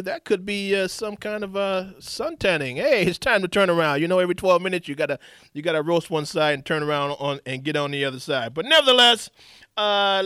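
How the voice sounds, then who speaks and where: A man's voice: sits high, bright, forceful tone, dry recording, clean studio sound. A man hosting a live radio talk show, rambling with showman flair, restarts and chuckles. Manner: loose, rambling, laughs and restarts often.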